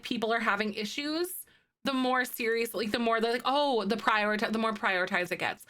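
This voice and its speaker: Bright, chatty woman streamer. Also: a little high. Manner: chatty, laughs often, filler-heavy. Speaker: live streamer. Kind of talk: casual chat with viewers while playing.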